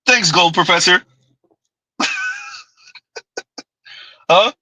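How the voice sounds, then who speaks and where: A man's voice: sits high, drawn-out words, sharp tone, a little hiss or hum, rough recording. A man hosting a livestream, giving mocking reaction commentary with sarcastic repetition and frequent laughter. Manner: sarcastic, laughs often, repeats lines in ridicule.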